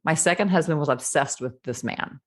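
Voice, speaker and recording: A woman's voice: deep voice, normal speed. A middle-aged woman, a podcast guest, telling her own story candidly and acting out her past self in quotes.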